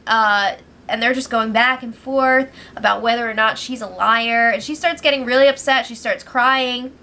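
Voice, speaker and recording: A young woman hosting a casual recap, talking fast and gossipy, with laughing asides and quick quoted voices. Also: on the high side, bright, forceful tone. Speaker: host recapping a reality show.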